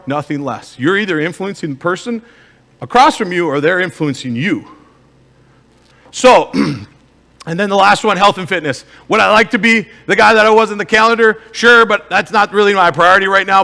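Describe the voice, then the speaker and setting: On stage in a large hall, a man with an Upper Midwest American accent delivers an emphatic live talk as a motivational speaker and life coach. His slightly high voice is bright and forceful, and he asks the audience rhetorical questions.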